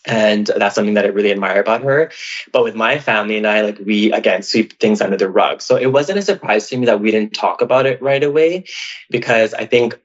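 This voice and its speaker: A man's voice: fairly low pitch, a little fast. A man from Canada talking openly about his life in a podcast, telling a personal story in a chatty, emotional way with lots of "like". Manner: chatty, heavy use of "like", emotional and open. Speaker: podcast guest. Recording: dull, lo-fi audio.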